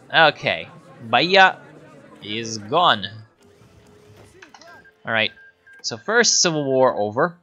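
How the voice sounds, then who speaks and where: A man's voice: medium pitch, big pitch swings, slow, long pauses, pushed and bright, highs cut off, soft background music. Chatty man streaming a strategy game. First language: Italian. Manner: chatty, joking, reads chat aloud. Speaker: gaming streamer. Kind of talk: casual live game commentary.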